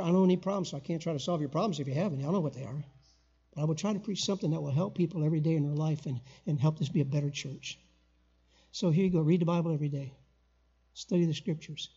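An older man preaching a sermon as a guest pastor in a church, emphatic, with loud call-and-response bursts. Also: on the high side, husky, highs cut off. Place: church sanctuary.

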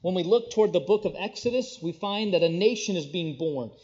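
Preacher guy, high voice, gets loud then drops way down, kinda muffled lo-fi recording. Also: lively intonation. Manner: swells loud and high on key phrases, drops low and quiet between; slows down to read scripture in older-style wording. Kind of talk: sermon. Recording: dull, lo-fi sound.

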